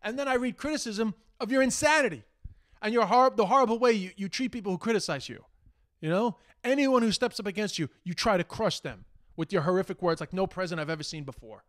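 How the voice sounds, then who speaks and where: A man's voice: sits high, quick pace, fairly bright tone. An Irish man hosting a podcast, delivering a heated, exasperated casual monologue full of swearing. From Ireland. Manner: heated, exasperated, profane, mocks quoted speech. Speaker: podcast host.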